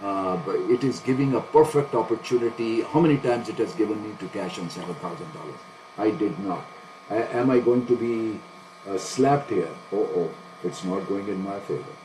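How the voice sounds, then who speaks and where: A man's voice: on the low side, normal speed, mellow, slight background noise, low-quality recording. Anxious, self-questioning male trader. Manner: anxious, self-questioning, laughs nervously, talks to himself. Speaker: day trader streaming a live trade. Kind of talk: live commentary to viewers.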